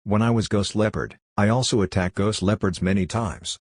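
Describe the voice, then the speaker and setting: A man voicing a blunt, ruthless girl raised by ghost leopards, speaking in flat, matter-of-fact broken English. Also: lowish voice, normal speed, no echo, clean studio sound, close to an everyday voice. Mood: calm. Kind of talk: audiobook character voice.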